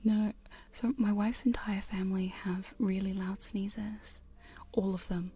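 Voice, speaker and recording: A woman chatting in a soft, giggly whisper on a live hypnosis ASMR stream, close to studio mics in her home studio. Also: medium pitch, flat delivery, measured pace. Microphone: studio condenser and binaural mics.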